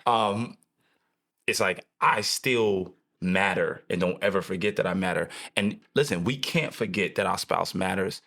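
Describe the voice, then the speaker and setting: A young adult man co-hosting a podcast in casual chat, animated and jokey with a preacher-like emphasis. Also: sits low, measured pace, creaky. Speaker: podcast co-host.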